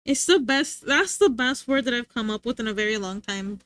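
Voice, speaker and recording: A woman's voice: on the high side, expressive, moderate pace, fairly bright tone, no room sound. Giggly, rambling young woman streamer. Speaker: livestreamer. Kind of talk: casual chat with viewers.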